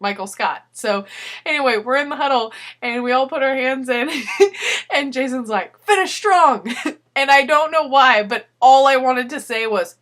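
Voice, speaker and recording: Her voice is high and fairly bright, moving at a moderate pace. This young woman recounts a story casually in a personal video letter, giggling again and again along the way.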